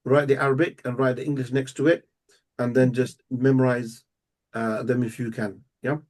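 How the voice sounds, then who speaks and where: A man teaching a live language lesson, explaining step by step and repeating words slowly and patiently. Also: medium pitch, level tone, a little mellow. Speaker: Arabic teacher.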